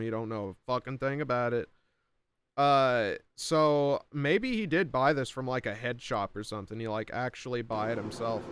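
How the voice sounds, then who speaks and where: A man's voice: medium pitch, fairly bright tone, clear, resonant tone, no room sound. A man streaming live and reacting to videos, talking casually with lots of fillers and plenty of swearing. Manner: rambling and profane, with frequent fillers. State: frustrated by buffering.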